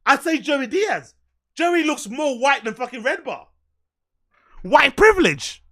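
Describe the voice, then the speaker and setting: A man with a very high, bright, sharp voice rants over clips he is reacting to. He is loud, profane and mocking, and he often breaks into shouts. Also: very animated, measured pace. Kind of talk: ranting reaction commentary.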